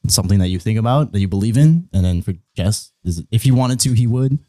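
A young man hosting a casual podcast, asking the questions in a relaxed way. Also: fairly low pitch, fast, background noise. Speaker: podcast host.

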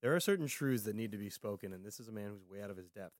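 A man's voice: fairly low pitch, expressive, dry recording, studio quality. A man co-hosting a casual political talk show, chatting loosely, trailing into fillers, then speeding up to press a point. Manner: conversational, trailing off into fillers, quickening when making a point. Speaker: podcast co-host.

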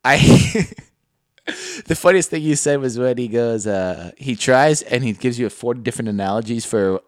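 A young man, in a mid-pitched voice, recorded close and dry. He tells stories in a joking, casual way and swears easily. He often retells things in other people's voices. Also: lively intonation, moderate pace, dry recording. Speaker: podcast co-host. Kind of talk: casual chat.

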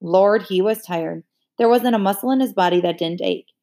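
A woman reading a children's novel aloud in a measured storytelling manner. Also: mid-range voice, dark tone. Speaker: audiobook reader.

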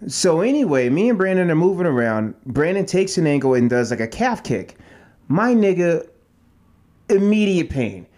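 A man's voice: a little high, big pitch swings, moderate pace, darkish tone. A man co-hosting a podcast who trains fighters, telling a story with lots of cursing and acted-out quotes. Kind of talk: casual storytelling chat.

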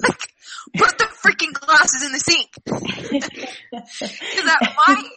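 A woman's voice: sits high, slow, noisy background. A woman telling family stories in a casual chat, animatedly acting out what people said. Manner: animated storyteller, acts out quotes. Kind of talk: casual chat among sisters.

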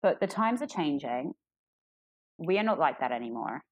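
A woman co-hosting a casual chat, candid and animated, with lots of fillers and restarts. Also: moderate pace, no echo, poor audio. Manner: candid and animated, jumps into high voices for quotes. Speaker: podcast co-host.

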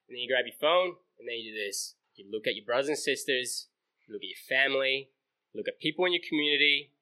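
A man's voice: mid-range voice, bright, forceful tone. A man in his twenties giving a casual youth sermon at a camp, telling stories in a chatty way full of fillers like "like". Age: 20s. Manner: chatty storytelling, many fillers like "like". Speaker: camp speaker.

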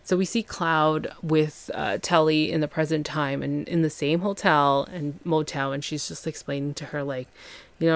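A woman's voice: low voice, fairly even intonation, moderate pace, no echo. A woman hosting a podcast, recapping a TV episode in casual chat, acting out the characters' lines with fillers and laughs. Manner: chatty, acts out quotes with fillers and laughs. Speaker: podcast host.

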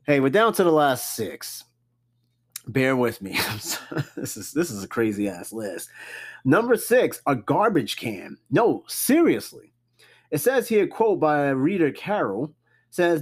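Animated, joking male podcast host. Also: fairly high pitch, unhurried. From New York. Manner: animated, cussing, jokey reactions to a list. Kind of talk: casual solo podcast.

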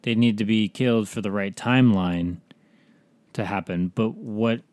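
Low-voiced man in casual chat. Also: moderate pace, a little mellow, no room sound. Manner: rambling, acts out characters' lines in quotes. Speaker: podcast co-host reviewing a TV episode.

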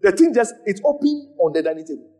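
A man pastor teaching a congregation, animated, repeating phrases and acting out moments as he preaches. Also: high-pitched, fast. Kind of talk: church teaching with questions.

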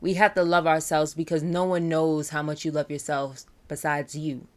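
A woman's voice: low voice, little pitch movement, normal speed. A young woman, a college student, talking candidly and earnestly about mental health and self-love. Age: young adult. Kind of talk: personal talk on mental health.

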